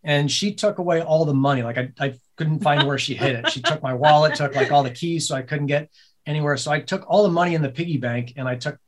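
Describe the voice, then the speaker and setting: A man with a fairly high voice tells a story in a loose podcast chat. He is animated and swears freely, often laughing between sentences. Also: fast. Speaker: podcast guest, business co-owner. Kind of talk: casual storytelling conversation.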